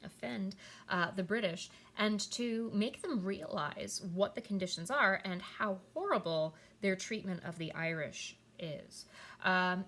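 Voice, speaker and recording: A woman's voice: medium pitch, pushed and bright. Woman teacher at her keyboard recording a lesson, lots of ums and okays, emphatic. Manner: emphatic, many fillers and "okay?" check-ins. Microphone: computer mic at a keyboard.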